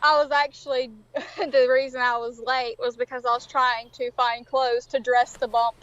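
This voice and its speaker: A woman talking as a guest on a live stream, casual, blunt and quick to laugh. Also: high-pitched, flat delivery, a bit bright, highs cut off.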